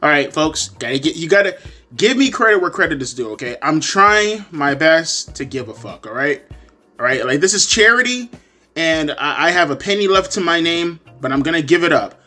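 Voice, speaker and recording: A man's voice: on the high side, animated, normal speed, bright, forceful tone, soft background music. A man giving crude, sarcastic, profanity-laced commentary as he reviews a wrestling show. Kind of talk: ranting commentary.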